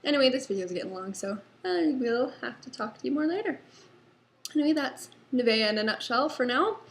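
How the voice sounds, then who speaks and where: A woman's voice: high-pitched, animated, a little fast. A young woman, a mother, chatting casually about her toddler in a rambling home vlog with many fillers. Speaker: vlogger, mother.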